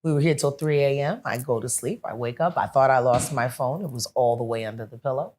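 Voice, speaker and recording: A woman with a strikingly deep, low voice talks as a guest in a casual sit-down chat. She tells her stories with animation and slips into the voices of the people she's quoting. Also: a little fast. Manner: animated storyteller who acts out the people she quotes. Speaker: interview guest.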